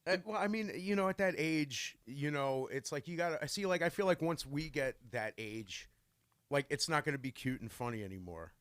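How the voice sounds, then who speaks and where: A man's voice: fairly high pitch, expressive, normal speed, a bit bright, no echo. A man in casual chat, rambling and hesitant, with many fillers.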